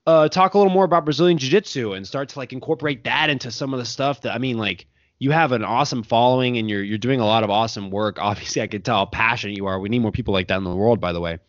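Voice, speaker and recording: A man's voice: medium pitch, rapid-fire, no echo. A man hosting a podcast interview, rambling through his questions with lots of fillers and frequent laughter. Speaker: podcast host. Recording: dry, dull lo-fi sound.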